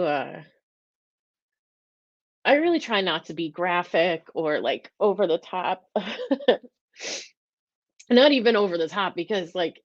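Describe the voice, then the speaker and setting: A woman hosts a live-stream talk in a fairly low voice, earnest and openly emotional, rambling through restarts. The sound is dry and a bit dull, like a lo-fi webcam mic. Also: dry recording. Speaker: host.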